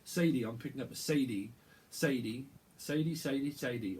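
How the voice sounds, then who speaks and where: Male tarot reader, channeled reading, rambling, halting delivery with lots of repeats, average pitch. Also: darkish tone.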